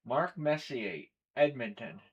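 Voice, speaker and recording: A man's voice: mid-range voice, sing-song, slow pace, husky, lo-fi sound. A man hosting a live collectibles stream, chatting casually and running through a list of players and teams. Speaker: stream host. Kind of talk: live breaking stream chat.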